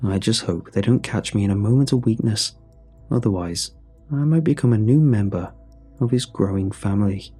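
Male horror narrator: low, husky, measured and somber. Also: warm tone, soft background music. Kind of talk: scripted horror story narration.

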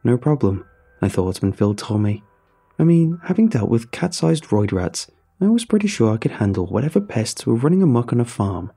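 A man tells a first-person tale in a dramatic, wry way, his low voice gravelly and husky. His delivery swings widely in pitch, and quiet music plays underneath. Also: sing-song, normal speed. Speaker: narrator. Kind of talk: first-person horror story narration. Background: soft music.

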